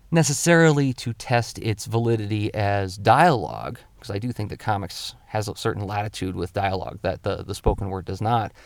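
A man's voice: on the low side, vocal fry, no echo. A male comic illustrator giving a casual spoken drawing tutorial, explaining his tips step by step in a thoughtful way.

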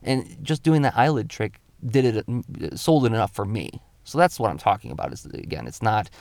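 A man's voice: on the low side, big pitch swings, moderate pace, vocal fry, a little mellow, no echo. A male comic illustrator giving a casual spoken drawing tutorial, explaining his tips step by step in a thoughtful way.

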